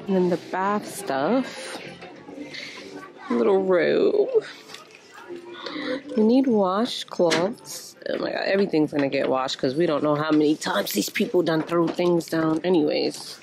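A woman's voice: lowish voice, expressive, takes it slowly, vocal fry. A woman casually vlogging to her viewers while shopping in a large store, chatting and exclaiming often as she holds the camera. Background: background music.

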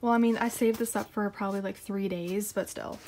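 This K-pop collector vlogger, a young woman with a mid-range voice, talks briskly while unboxing her haul on her floor at home. She gushes with excitement and occasionally drops to a whisper, over slight background noise.

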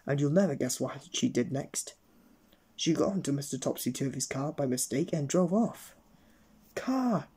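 A man's voice: medium pitch, moderate pace, mellow, husky. A man reading a children's story aloud in a playful storytelling manner. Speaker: storybook reader.

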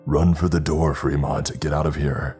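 A grizzled, steadfast demon hunter, as a deep-voiced male narrator puts him on speaks in a hushed, firm, urgent voice. The tone is extremely low and dark, with faint music behind in this horror story reading. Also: fairly even intonation, moderate pace.

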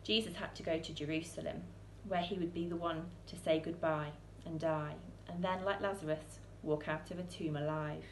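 A woman reading a children's picture book aloud in a church, expressive, with soaring questions and hushed lines. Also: sits low, normal speed, few pauses, echoey room, a little hiss or hum. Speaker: storyteller.

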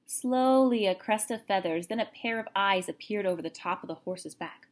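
A woman, a teacher, reading a chapter book aloud with expressive, lively narration. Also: medium pitch, moderate pace. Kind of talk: storybook read-aloud.

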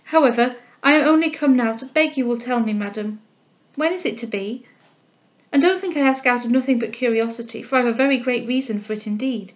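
A woman's voice: fairly high pitch, fairly quick, lo-fi sound, lightly acted. A woman reading a novel aloud, voicing an earnest, humble and impulsive young woman who speaks with eager feeling. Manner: eager and heartfelt, speaking up with spirit.

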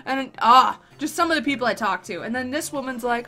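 Bright-voiced woman gaming host. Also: sits high, a little fast, few pauses, soft background music. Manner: animated storyteller, voices the people she quotes. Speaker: let's play host. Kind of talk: casual chat while playing a game.

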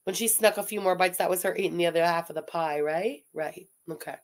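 A woman's voice: on the low side, fast talker. A woman giving blunt, sarcastic reaction commentary, mocking what a streamer says.

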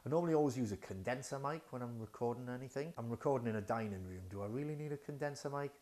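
Recorded on the wireless radio mic he is trying out, a man chats casually in his dining room about new audio gear, hesitating and using plenty of fillers as he thinks aloud. He has a medium-pitched, slightly mellow voice and talks fast.

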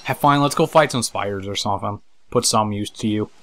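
A man with a lowish voice talks briskly through a casual let's-play, chatting to the on-screen characters. He laughs and swears as he plays.

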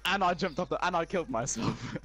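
A young man playing an online shooter with a friend, loud and excitable, swearing and laughing often. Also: fairly high pitch, a little fast. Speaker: gamer streamer. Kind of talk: excited gaming banter.

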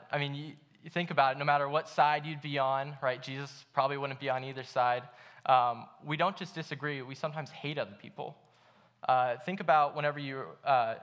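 A man's voice: mid-range voice, fairly bright tone. A young man preaching a sermon at a church, telling a story in a casual way with many fillers. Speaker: pastor.

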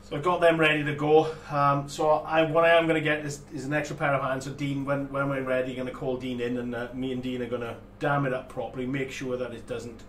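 Speaking quickly with barely a pause, this man has a medium-pitched, fairly bright voice and a flat delivery, picked up from a distance. He chats loosely on a live model-building stream, laughing frequently and stumbling through restarts and fillers. The recording sounds echoey, with low room noise.

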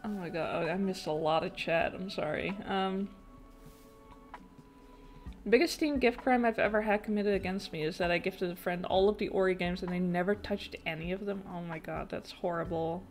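A woman's voice: on the low side, moderate pace, faint music behind. A woman streamer chatting casually while gaming, cursing and exclaiming at the game and reading chat. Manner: swears a lot, exclaims at the game.

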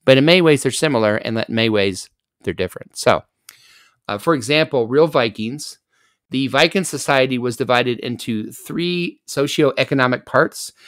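A man's voice: medium pitch, normal speed, fairly bright tone, no room sound. A man hosting a casual sports podcast, joking around and hamming up bits. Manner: jokey, playful, hammy bits. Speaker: podcast host.

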